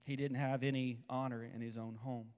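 Emphatic preacher in an echoey hall. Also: male voice, medium pitch, little pitch movement, moderate pace, a little mellow. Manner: emphatic, asks the congregation to repeat lines. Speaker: pastor. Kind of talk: sermon. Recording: echoey hall with long reverb.

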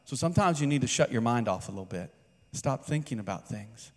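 A man's voice: mid-range voice, animated, fairly quick. Conversational male pastor in a reverberant hall. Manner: conversational, asks the congregation questions. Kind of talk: sermon. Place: church sanctuary. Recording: long reverb of a large hall.

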